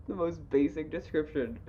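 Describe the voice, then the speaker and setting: A woman's voice: sits low, very animated, measured pace, a little hiss or hum. Rambling young woman on a dull recording. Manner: rambling, restarts, sarcastic asides. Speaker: podcast co-host. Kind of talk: casual book discussion. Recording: rough, dull amateur audio.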